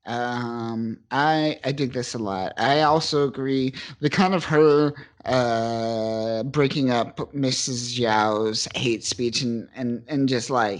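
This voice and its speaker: A man's voice: medium pitch, slow pace, hardly any pauses. Enthusiastic podcast host guy, lots of um and uh, loving the comics. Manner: enthusiastic, hesitant with many ums and uhs. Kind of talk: casual comic book review chat.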